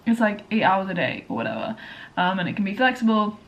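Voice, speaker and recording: A woman's voice: mid-range voice, sing-song, fast, creaky, muffled recording. A young woman, chatting casually to camera in a vlog, full of likes and you knows. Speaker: vlogger.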